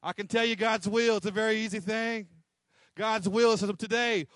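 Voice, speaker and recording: A man's voice: high voice, fairly even intonation, a little slow, pauses often, a bit bright, dry recording, studio quality. A man preaching a sermon, emphatic and repetitive, acting out little quotes. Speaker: pastor.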